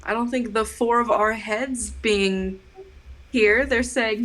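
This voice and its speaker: A woman joins a tabletop game with a bright, forceful voice pitched a touch high. She chats playfully and cracks quick jokes with the group. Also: steady tone. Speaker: player. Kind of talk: casual tabletop game chat.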